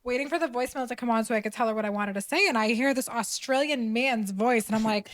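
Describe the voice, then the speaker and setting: A woman's voice: fairly high pitch, fast talker, dry recording. Chatty woman hosting a podcast. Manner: chatty, playful and curious. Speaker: podcast host. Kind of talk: casual interview chat.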